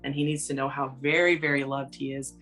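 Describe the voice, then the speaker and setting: A woman working as a psychic medium, talking in a gentle, meandering way full of fillers, with soft music behind her. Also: rumbling low, level tone, a little fast. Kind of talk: casual spoken reading.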